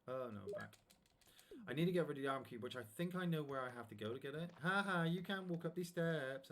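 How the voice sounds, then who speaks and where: A man's voice: medium pitch, a bit bright, slight background noise. Chatty man thinking aloud over his game. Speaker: streamer playing a video game. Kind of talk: casual live gameplay commentary.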